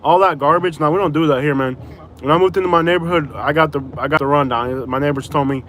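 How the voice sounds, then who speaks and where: Florida guy rambling on a livestream in his car, kinda high voice, little road hum. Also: fast talker, fairly bright tone. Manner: rambling, chatty, frequent fillers. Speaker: live streamer. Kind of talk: casual chat while driving.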